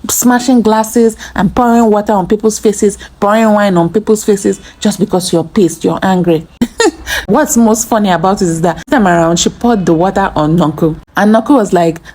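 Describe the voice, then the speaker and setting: A woman with a mellow, warm-toned voice talks through a reality show episode in a casual, opinionated way. She keeps a middle pitch and brings in quoted lines as she tells the story, like a chatty recap host. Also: normal speed.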